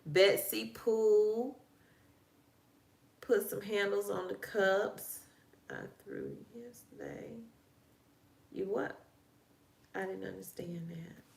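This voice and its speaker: A woman's voice: medium pitch, steady tone, takes it slowly, gravelly, pauses often, echoey room. A woman with a Southern country accent, hosting a casual live-stream and chatting with viewers as she greets them one by one. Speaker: livestream host.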